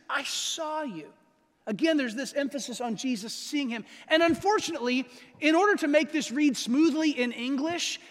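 High-pitched guy pastor preaching, chatty but emphatic, big echoey hall. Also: a bit bright. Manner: emphatic, slows down to stress key phrases; conversational, asks the audience questions. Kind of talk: sermon. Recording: long reverb of a large hall.

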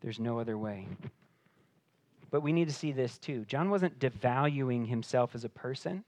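A man preaching a sermon, swinging between hushed, intimate passages and loud, emphatic declarations. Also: medium pitch, normal speed, dry recording. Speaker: pastor.

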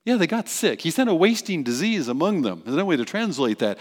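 A male pastor preaching a sermon as animated storytelling, acting out the quotes. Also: mid-range voice, moderate pace. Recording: long reverb in a large hall.

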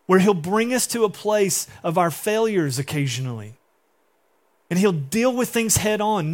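A young adult man preaching a sermon in a casual, conversational way, acting out quotes. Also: high voice. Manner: conversational, acts out quotes in different voices. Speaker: pastor.

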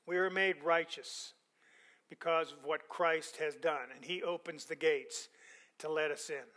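A man preaching a sermon, reading scripture aloud, repeating words for emphasis and letting his voice fall softly at the ends of phrases. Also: fairly high pitch, steady tone. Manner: repeats words for emphasis, quick conversational asides.

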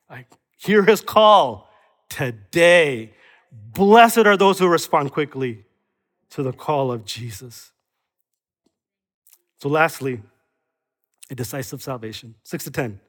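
A man preaching to his congregation in a high, bright voice. He keeps asking rhetorical questions and now and then acts out other people's voices. The sound rings with the long reverb of a large church hall. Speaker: pastor. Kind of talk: sermon.

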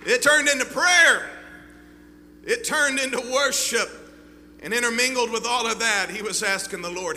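A male pastor preaching a sermon with fervent swings between loud and hushed delivery. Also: extremely high pitch, moderate pace. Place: church sanctuary. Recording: reverberant hall with faint hum.

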